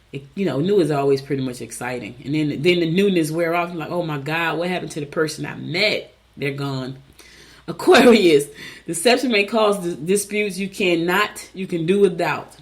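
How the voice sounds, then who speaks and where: Chatty woman radio host reading horoscopes. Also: on the low side. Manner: animated, chatty, storytelling asides.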